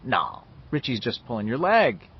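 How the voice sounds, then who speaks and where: A man narrating a story voices a quiet, shy young boy who speaks mildly. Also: medium pitch, huge pitch swings, moderate pace, breathy edge, dull audio, heavily acted. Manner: quiet and mild.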